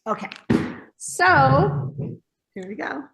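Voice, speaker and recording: A woman with a high voice and vocal fry speaks slowly as a guest in a casual interview over a video call. She runs a hospitality business and tells lively stories, acting out the voices she quotes.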